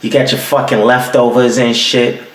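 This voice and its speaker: At a moderate pace, a young adult podcast host with a mid-range voice delivers a casual solo rant from a home room with the heat off. He's profane and animated, acting out quotes, and the sound is roomy.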